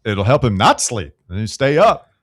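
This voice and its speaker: A man's voice: medium pitch, big pitch swings, unhurried, breathy edge, no room sound, studio quality. A man hosting a sports radio show, ribbing his co-hosts with hyped-up banter. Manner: teasing, hyped-up needling. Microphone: studio microphone.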